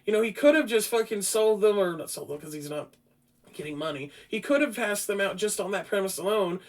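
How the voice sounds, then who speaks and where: A man's voice: sits high, fairly quick. A man hosting a podcast, casually reviewing a film in a rambling, profane way with frequent restarts. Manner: grows loud and animated. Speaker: podcast host.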